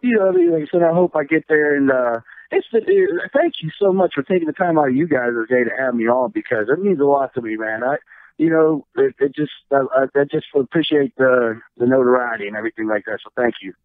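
A man in his forties with a Western Pennsylvania accent talks fast and swears freely. He sounds easygoing and grateful. His voice comes through a tinny phone line. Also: mid-range voice, no room sound. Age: 40s. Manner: swears often, easygoing and thankful. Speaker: guest. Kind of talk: casual chat over the phone.

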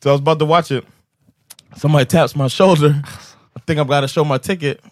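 A man co-hosting a podcast, telling a story in casual chat with a laughing, animated delivery and acting out the people in it. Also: a little high, fast, no echo. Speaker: podcast co-host.

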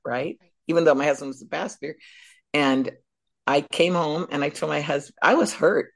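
Low gravelly woman telling her testimony. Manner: animated storyteller. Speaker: guest speaker. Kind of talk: personal faith testimony.

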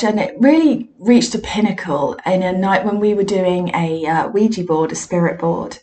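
A woman's voice: on the low side, normal speed, few pauses, warm tone. A woman, a spiritualist medium and teacher, telling personal stories in a frank, reflective and self-deprecating way. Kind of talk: candid personal storytelling monologue.

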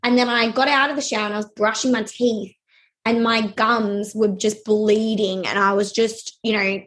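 Hesitant young woman, fairly high voice. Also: fairly even intonation, a bit bright. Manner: halting, hesitant, many fillers. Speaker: interviewee. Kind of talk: personal storytelling.

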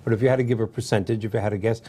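A man's voice: lowish voice, steady tone, very fast, dark tone, husky. A middle-aged man from New York hosting a casual chat, joking and asking his guest questions. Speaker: host. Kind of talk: casual talk show chat.

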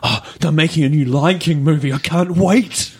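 Brief: gushing young woman superfan, put on by a man, high and breathless. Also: moderate pace, husky. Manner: breathless, over-eager.

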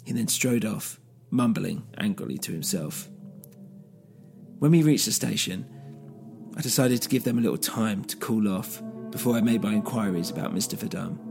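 Gravelly male storyteller over music. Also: fairly low pitch, animated, moderate pace, a little mellow. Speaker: narrator and podcast host. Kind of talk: first-person story narration. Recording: music bed underneath.

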